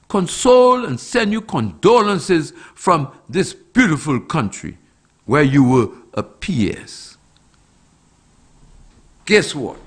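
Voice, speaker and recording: Middle-aged man, slow-spoken, fiery political commentator, very high lively voice. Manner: fiery, emphatic, repetitive rhetorical questions.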